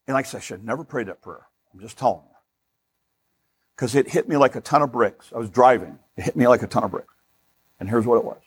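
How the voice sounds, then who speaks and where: A man's voice: medium pitch, fast talker, long pauses, breathy edge. A male pastor preaching a sermon in an emphatic, conversational way, often repeating words for stress.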